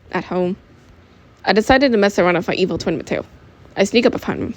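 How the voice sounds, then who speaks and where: A young woman reading her own homemade audiobook aloud, animated and often stopping to correct herself. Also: mid-range voice, fast, long pauses. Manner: animated, with restarts and self-corrections while reading. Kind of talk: amateur audiobook narration with character voices.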